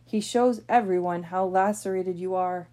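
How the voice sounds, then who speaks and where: A woman reading a devotional meditation aloud in a slow, solemn, prayerful manner. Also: on the low side, mellow.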